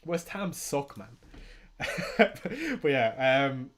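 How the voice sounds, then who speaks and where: Excitable Irish man streaming. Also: mid-range voice, very slow. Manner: excitable, swears, laughs often. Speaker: fantasy football streamer. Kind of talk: casual livestream commentary.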